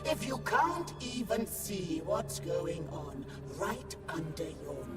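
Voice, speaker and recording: A woman's voice: lowish voice, big pitch swings, slow, full character voice. A woman voicing a grandiose, deranged female AI oracle in a game, speaking in a theatrical, boastful, sing-song way. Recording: echoey, distant, music behind.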